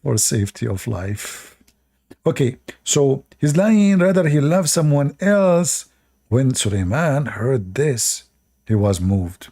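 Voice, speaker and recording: Sarcastic gravelly male commentator. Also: mid-range voice, very animated, slow, dark tone. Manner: sarcastic, laughs often at what he reads. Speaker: religious commentator. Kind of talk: mocking commentary on religious texts.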